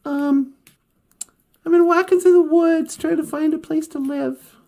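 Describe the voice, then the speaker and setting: A woman's voice: sits high, steady tone, unhurried, mellow. A woman doing a shy little teddy bear boy. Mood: plaintive. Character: small shy male teddy bear, unsure of himself.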